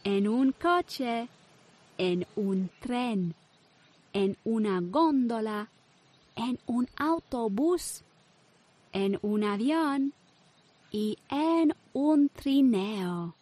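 A woman narrating a children's storybook in a slow, clear reading voice. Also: a little high, animated, darkish tone.

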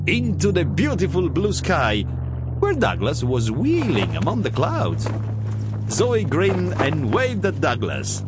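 A man reads a children's story aloud at a slow, unhurried pace. His voice sits a bit high and swings widely, rising and falling in a sing-song way, the way storybooks are read to young children. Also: wildly swooping pitch, music in the background. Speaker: storybook reader.

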